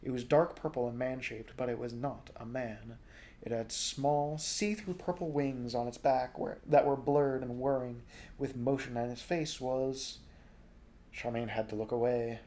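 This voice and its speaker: A young adult man reading a novel aloud in a relaxed, informal way. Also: mid-range voice, measured pace. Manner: relaxed, informal, jokes at stumbles. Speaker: storybook reader.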